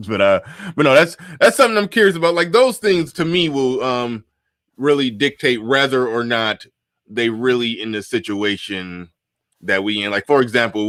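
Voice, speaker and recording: A man hosts a casual livestream, circling his points with stops, restarts and fillers. His voice sits at an everyday pitch for a man. The sound is dry and close, with no room echo. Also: a bit bright. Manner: rambling, many restarts and fillers. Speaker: host. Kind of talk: casual livestream talk show.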